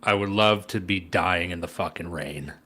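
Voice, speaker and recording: A man from Canada, co-hosting a podcast in a dry, deadpan, joking way. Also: sits low, normal speed, slightly rough. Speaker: podcast co-host. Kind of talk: casual chat.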